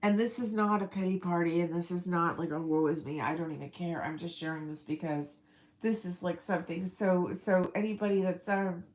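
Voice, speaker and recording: A woman's voice: on the low side, fairly even intonation, brisk, darkish tone, poor audio. A middle-aged woman rambling through a casual personal vlog, emotional and breaking into laughs. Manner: rambling, emotional, laughs often mid-sentence. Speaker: vlogger.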